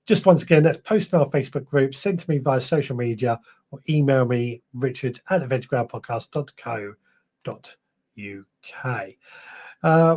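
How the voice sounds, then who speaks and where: With a fairly high, slightly mellow voice, a man hosting a podcast live stream works through viewer comments. He's chatty and rambling, often correcting himself, and a little tired.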